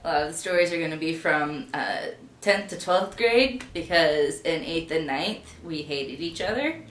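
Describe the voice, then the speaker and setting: A woman's voice: low-pitched, animated, moderate pace, fairly bright tone. A young woman telling a story in a dry, matter-of-fact casual vlog style. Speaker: vlog co-host. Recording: echoey room with faint noise.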